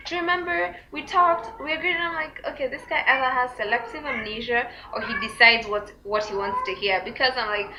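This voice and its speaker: A young woman telling a storytime to her vlog viewers, full of fillers and likes, acting out quotes in a high squeaky voice. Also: sharp tone, a little hiss or hum. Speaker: vlogger. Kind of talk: casual storytime chat. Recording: dull lo-fi recording.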